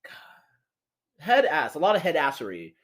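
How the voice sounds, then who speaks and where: A young man co-hosting a casual podcast chat over a video call, loud and excitable, swearing freely. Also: a little high, normal speed. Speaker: podcast co-host. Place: Denver, Colorado.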